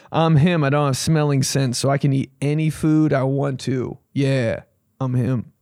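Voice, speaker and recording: Animated, joking male comedian host. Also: on the high side, no room sound, clean studio sound. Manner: animated, swears casually, acts out quotes. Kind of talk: casual comedic monologue.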